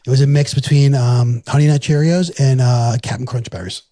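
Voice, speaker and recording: A man's voice: medium pitch, fairly even intonation, normal speed, warm tone. A man, hosting a casual podcast chat, rambling with fillers and laughs. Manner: laid-back, rambling with frequent fillers and laughs. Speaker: podcast host.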